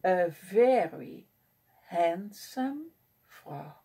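A woman's voice: lowish voice, very animated, drawn-out words, warm tone, breathy edge, voice pushed down, exaggerated voice. A woman voicing an eager, curious young male pollywog who becomes a frog, in a picture-book reading.

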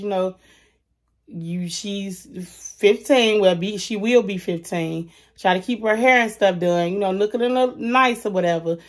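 Chatty woman vlogger talking to camera. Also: medium pitch. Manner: chatty, colloquial, talks straight to viewers. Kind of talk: casual chat to camera.

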